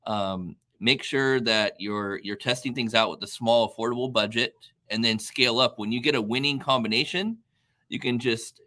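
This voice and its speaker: A man's voice: medium pitch, moderate pace, bright, forceful tone. A man co-presenting a live webinar, answering viewers' questions eagerly with many fillers.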